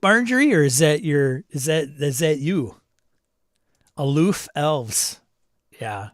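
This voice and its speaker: A man chats easily on his live stream, reading comments from viewers and laughing often. His mid-range voice comes through clean studio sound with no echo.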